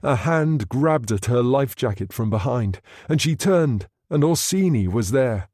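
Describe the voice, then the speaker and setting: A man narrating an audiobook in a measured, steady reading. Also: medium pitch, no room sound, clean studio sound. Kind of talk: scripted narration.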